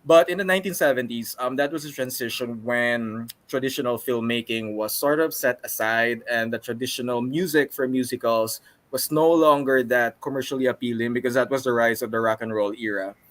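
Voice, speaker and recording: A Filipino-accented man talks at length as a guest, laying out history in long, mid-pitched explanations. His voice sounds dry and close, with no room around it. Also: brisk, fairly bright tone, no room sound. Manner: talkative, explains at length, switches into Tagalog. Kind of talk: explanatory chat about film history.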